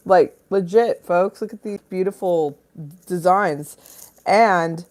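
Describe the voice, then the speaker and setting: Low-voiced woman, crude and playful. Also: slow. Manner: playful and crude, swings between loud bursts and low mutters. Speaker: livestream host. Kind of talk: casual livestream chat. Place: Los Angeles home. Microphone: phone.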